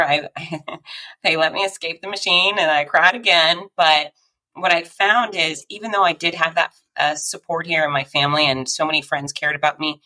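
Woman, podcast guest, low voice, punchy and bright, animated storyteller, acts out quotes. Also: rough recording. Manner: laughs often while telling the story. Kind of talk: personal storytelling in conversation.

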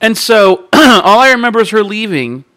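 A man with a high, bright voice, telling a funny story in an animated way and laughing often. His pitch swings widely and his tone is bright and sharp. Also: normal speed, no room sound, studio quality.

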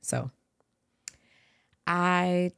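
Low-voiced woman podcast host. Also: extremely slow, clear, resonant tone. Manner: expressive, animated, swears casually. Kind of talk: casual chat.

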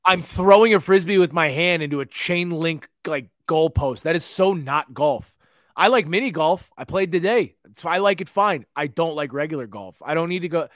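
A man's voice: fairly high pitch, moderate pace, no room sound, studio quality. A man co-hosting a podcast in casual chat, joking, laughing often and acting out quotes in funny voices. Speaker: podcast co-host.

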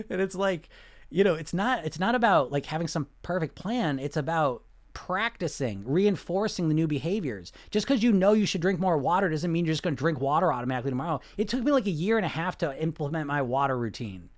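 A man's voice: high-pitched, animated, fast talker. A man talking as a weight loss coach in a casual way, blunt and full of rhetorical questions, often laughing. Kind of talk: casual coaching talk to viewers.

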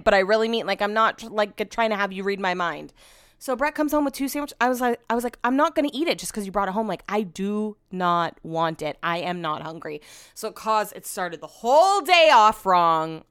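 A woman's voice: mid-range voice, a bit bright, clean tone, no echo, clean studio sound. A young woman hosting a casual chat show, telling stories animatedly, swearing freely and acting out what others said. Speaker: podcast host.

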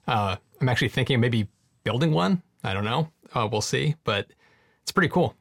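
A man's voice: mid-range voice, animated, fairly quick, vocal fry, no room sound. Man co-host, mid-range voice, dry recording, emphatic and opinionated. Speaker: podcast co-host. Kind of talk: casual chat.

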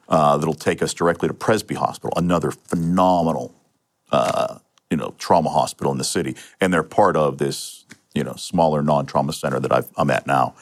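On a podcast, a low-voiced, middle-aged interview guest from Pennsylvania, a retired police sergeant, recounts something that happened to him. His storytelling is matter-of-fact and full of restarts and fillers.

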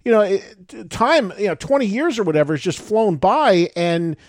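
A man's voice: sits high, lively intonation, normal speed, dry recording, studio quality. A man hosting an interview, asking long, rambling questions and thinking aloud. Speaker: radio and podcast host. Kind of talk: interview chat.

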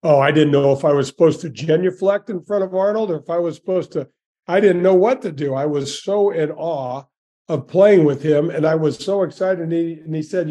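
Husky, mellow-voiced man in his sixties. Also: on the high side, brisk. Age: 60s. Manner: folksy and enthusiastic, many restarts. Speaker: guest, former tour golfer. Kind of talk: storytelling interview.

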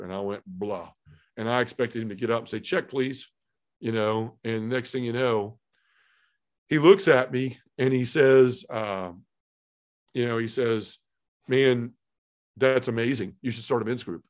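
A middle-aged man earnestly telling his personal testimony in conversation, acting out the voices he quotes and dropping to a hush at emotional moments. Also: medium pitch, fairly even intonation, normal speed, clean tone.

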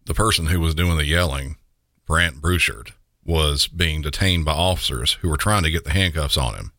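A man's voice: rumbling low, moderate pace, sharp tone, no room sound. A man narrating police incidents with dry, wry asides. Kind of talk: scripted narration.

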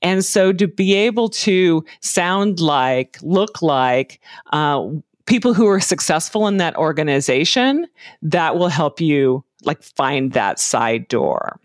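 A woman answering interview questions about job hunting in a measured, advising way, with frequent ums and uhs. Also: low voice, expressive, dry recording, clean studio sound. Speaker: career and hiring advice guest.

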